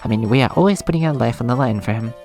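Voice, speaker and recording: A man's voice: medium pitch, lively intonation, very fast, darkish tone, faint music behind, natural voice. A man reading the lines of a vain, bossy young female cleric who demands servants and praise. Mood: demanding. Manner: self-absorbed, demanding. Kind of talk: reading game dialogue aloud.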